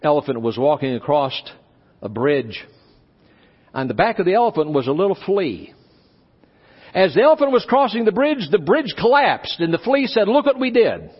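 A male pastor preaching a sermon, animated, acting out little dialogues as he goes. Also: fairly high pitch, normal speed, long pauses, slightly rough. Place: church conference hall. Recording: dull live recording in a reverberant hall.

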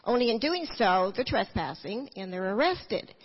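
A woman's voice: medium pitch, sing-song, moderate pace, breathy edge, in a large hall, dull audio. A woman telling her personal testimony in church, earnest and full of restarts. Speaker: testimony speaker.

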